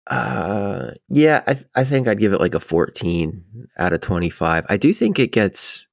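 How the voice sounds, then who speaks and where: A young man co-hosting a podcast in relaxed, agreeable casual chat. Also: fairly low pitch, normal speed, gravelly, dry recording, studio quality. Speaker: podcast co-host.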